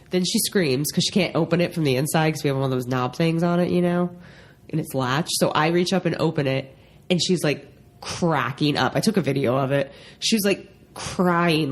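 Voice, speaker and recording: Giggly young woman, podcast co-host. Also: deep voice. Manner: giggly, laughs often while telling stories. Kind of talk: casual chat.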